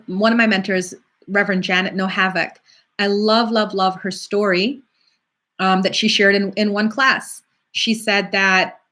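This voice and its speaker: Middle-aged lady medium chatting on a stream, lively, acts out what people said. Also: medium pitch. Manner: chatty, animated, acts out quoted voices. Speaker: psychic medium hosting a live stream. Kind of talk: casual live-stream talk answering viewer questions.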